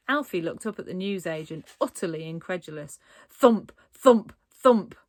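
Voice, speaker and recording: A woman reads a children's storybook aloud with dramatic flair and playful asides. Her pitch moves in a wide, lively way. The sound is close and dry. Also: normal speed, no room sound. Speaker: narrator. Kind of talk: storybook reading.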